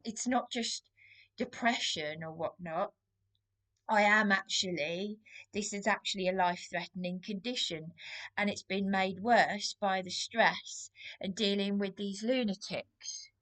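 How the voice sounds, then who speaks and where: A woman talks straight to camera, short of breath. She sounds agitated and wronged, and her rambling complaint moves at an unhurried, drawn-out pace at an ordinary pitch. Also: fairly bright tone. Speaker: vlogger. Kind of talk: emotional monologue to camera.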